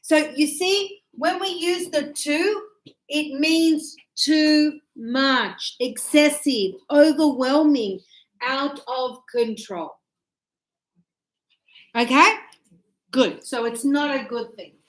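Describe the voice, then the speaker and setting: A woman teaching English grammar to learners, animated and acting out short dialogues as examples. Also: high voice, takes it slowly. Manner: animated, acts out little dialogues to illustrate usage. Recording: echoey room.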